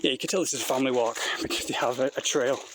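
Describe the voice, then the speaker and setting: Racing along in a steady, mid-range voice, a vlogger talks into the phone in his hand as he hikes uphill on an outdoor trail. His casual talk is rambling, blunt and breathless, captured in a noisy outdoor phone recording.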